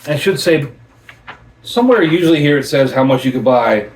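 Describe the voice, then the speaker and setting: A man's voice: on the high side, animated, a little fast, far from the mic, a little hiss or hum. Enthusiastic man hosting a roomy beer review. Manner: enthusiastic, repeats himself with restarts. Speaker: host of a beer review channel. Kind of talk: casual beer review chat. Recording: roomy sound from away from the mic.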